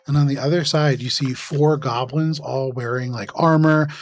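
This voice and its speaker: A man running a tabletop game as dungeon master, describing scenes in a measured way with casual fillers. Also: medium pitch, fairly even intonation.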